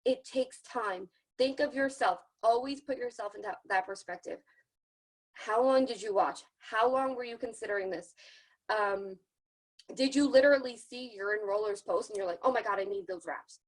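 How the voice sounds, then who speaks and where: A woman's voice: on the high side, moderate pace, rough recording. A woman leading an online sales training, talking casually and encouragingly, often acting out what other people say. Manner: chatty, encouraging, acts out other people's lines. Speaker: team leader giving a sales training. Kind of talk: casual motivational training talk. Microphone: video call.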